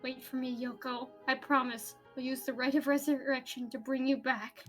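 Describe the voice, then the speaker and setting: A woman reading aloud the lines of a shaken young man who is trying to stay calm, voicing him in earnest. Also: high-pitched, moderate pace, faint music behind. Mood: resolute. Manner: reads game text aloud, earnest and stunned.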